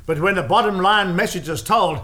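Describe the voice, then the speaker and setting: Emphatic preacher man, slightly high voice. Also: a little fast, bright, forceful tone. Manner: emphatic, repetitive preaching cadence with asides. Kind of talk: sermon.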